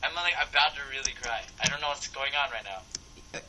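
A teenage boy chatting casually while gaming, goofing around with silly sing-song noises and sudden bursts of excitement. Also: mid-range voice, brisk, noisy background. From Filipino heritage. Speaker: Minecraft player. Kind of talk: casual gameplay chat.

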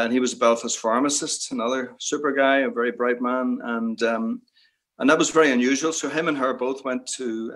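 Male guest, middle-aged, mid-pitched, musing over a video call. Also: a bit bright. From Northern Ireland. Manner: reflective, lots of "you know" asides. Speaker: interview guest. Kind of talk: reminiscing interview talk.

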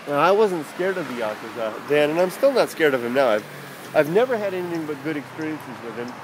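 A man's voice: medium pitch, noisy background. A middle-aged man casually telling a rambling personal story for his vlog while walking down a street outdoors. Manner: rambling and chatty, with many fillers and self-corrections. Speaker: vlogger.

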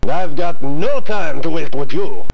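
A man's voice: fairly high pitch, expressive, unhurried, creaky, a little mellow, a little hiss or hum. A man voicing a snooty, brusque photographer in an adventure game, with a fake French accent and a dismissive, haughty manner.

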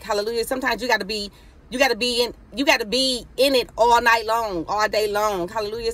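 Preaching fervently over a phone live stream, a woman with a slightly bright, higher voice exhorts her listeners in casual, Southern-style speech. She cries out "hallelujah" again and again.

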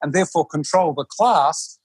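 Husky, earnest yoga teacher. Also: male voice, a little high, normal speed, darkish tone, no room sound. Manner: earnest, restarts often, acts out quotes. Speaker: yoga teacher, podcast guest. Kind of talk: reflective conversational interview.

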